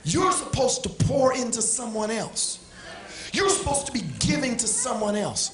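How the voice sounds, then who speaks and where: A man preaching a sermon with passion, swinging from shouts down to quiet asides. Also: very high-pitched, animated, normal speed, echoey room. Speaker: pastor. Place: church sanctuary.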